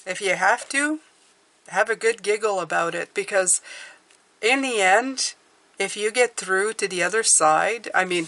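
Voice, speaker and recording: A woman's voice: mid-range voice, sharp tone. A woman giving a casual, encouraging tarot and numerology reading, chatting and thinking aloud as she draws cards.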